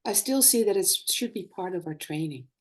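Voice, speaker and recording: A middle-aged woman, a former nurse and birth educator, talking in a live conversation and telling lively stories from her practice. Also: on the low side, normal speed. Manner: animated storytelling, acts out quoted dialogue.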